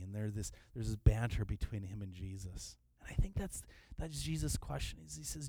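A middle-aged man preaching a sermon in a relaxed, conversational way, often restarting his phrases. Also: on the low side, normal speed, no room sound. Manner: conversational, repeats words when restarting. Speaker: pastor.

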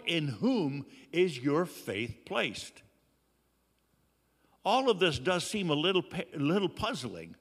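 A man preaching a sermon, earnest and slow, with dramatic pauses. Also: on the high side, fairly bright tone, big-room sound. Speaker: pastor.

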